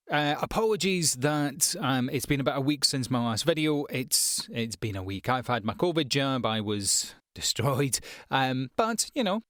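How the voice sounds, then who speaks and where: Guy chatting about voiceover work, mid-pitched, loose and self-mocking, super dry close mic. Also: fairly bright tone, no echo. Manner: chatty and self-deprecating, many fillers and restarts. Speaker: voice-over artist and channel host. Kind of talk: casual tips video to camera.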